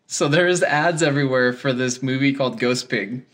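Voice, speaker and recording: A man's voice: medium pitch, normal speed, fairly bright tone. A young man co-hosting a casual game talk, enthusiastic and laughing as he acts out scenes. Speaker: podcast co-host.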